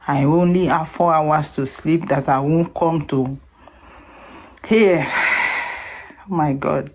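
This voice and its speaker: Emotional woman, low slow voice. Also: darkish tone. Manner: emotional, sings a song before speaking. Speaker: live audio room speaker. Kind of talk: emotional casual talk with singing.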